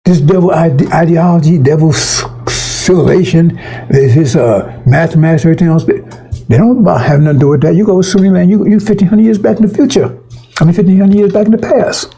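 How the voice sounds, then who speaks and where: A man's voice: fairly high pitch, quick pace, gravelly, mellow, husky, low-quality recording. A man preaching an informal, fiery sermon to his congregation, emphatic and profane, often stumbling and restarting his words.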